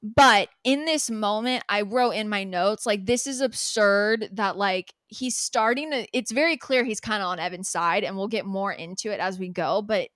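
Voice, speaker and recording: A woman co-hosting a podcast in candid casual chat, animated and swearing freely as she retells a scene. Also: medium pitch, moderate pace, few pauses, no room sound. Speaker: podcast co-host.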